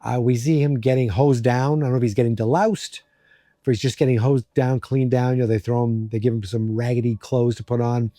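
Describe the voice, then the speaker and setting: Male podcast host, casual recap, warm dark tone, dry sound, rambly and jokey. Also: medium pitch, fairly even intonation, fairly quick, dry recording. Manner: rambling, joking, many fillers.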